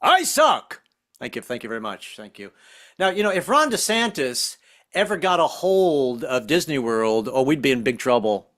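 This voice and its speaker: A man's voice: medium pitch, expressive, normal speed, a bit bright. A man in his sixties doing a jokey stand-up comedy set over a video call, slipping into silly voices. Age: 60s. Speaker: stand-up comic.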